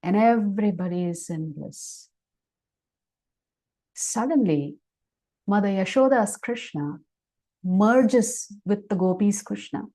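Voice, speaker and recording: A woman speaker giving a devotional class on a video call, telling a sacred story in an animated way, then teaching reflectively. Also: mid-range voice, takes it slowly, pauses often. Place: online class session.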